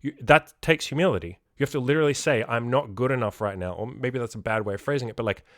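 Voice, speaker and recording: A man hosts a self-improvement podcast in a loose, unscripted monologue. He is blunt and swears freely, and he repeats words to drive a point home. His voice sits at an ordinary male pitch and sounds dry and close to the mic. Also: quick pace, dry recording.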